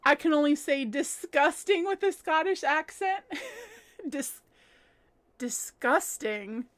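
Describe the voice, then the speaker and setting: A woman's voice: high-pitched, a little slow, fairly bright tone. A young adult woman hosting a home crafting livestream, chatting casually as she reads viewer comments and laughing often. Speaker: crochet livestream host.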